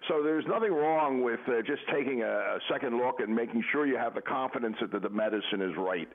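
An older male candidate calling in by phone, speaking hesitantly with many pauses. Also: mid-range voice. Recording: tinny phone line.

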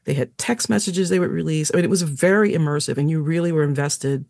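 A woman who is an author and musician, telling stories as an interview guest in an animated, chatty way with frequent laughter. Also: low-pitched, fast talker, no echo, studio quality.

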